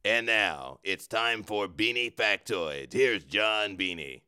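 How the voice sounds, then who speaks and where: A man's voice: on the low side, expressive, pushed and bright, clear, resonant tone, pitched below the performer's own voice, heavily acted. A man putting on the voice of a grand male show announcer, drawing out and half singing the introductions. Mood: grandiose. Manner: drawn-out, sung-out announcer delivery.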